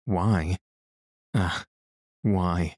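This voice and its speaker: A man's voice: sits low, fairly even intonation, extremely slow, darkish tone, no echo, clean studio sound, exaggerated voice. A man reading the lines of a stern, threatening middle-aged banker in an audiobook. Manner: stern, demanding.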